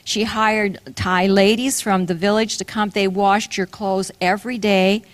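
A woman's voice: mid-range voice, level tone, measured pace, dry recording. An older woman preaching a sermon, telling a personal story in an earnest way and asking the audience questions.

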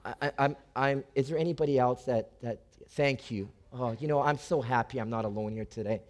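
A male pastor preaching a lively, conversational sermon to his congregation, often asking them questions. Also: mid-range voice, fairly quick. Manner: animated, conversational, talks to the congregation with repeated questions.

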